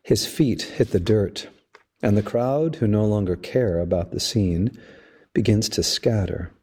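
A man, a priest hosting a podcast, giving a measured, storytelling homily. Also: fairly low pitch, mellow, husky. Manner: slow, measured, storytelling delivery. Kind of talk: reflective spoken homily.

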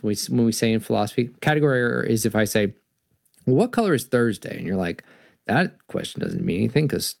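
Gravelly, lively man lecturing on stories. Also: mid-range voice, dry recording, clean studio sound. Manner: animated, reflective, philosophical. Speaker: host and lecturer. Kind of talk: storytelling lecture.

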